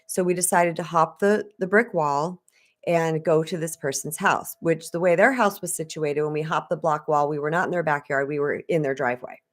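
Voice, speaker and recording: On a live stream, a spiritual coach from Arizona shares a personal story, chatty and conversational as she speaks directly to her viewers. Her voice is low-pitched and her pace normal.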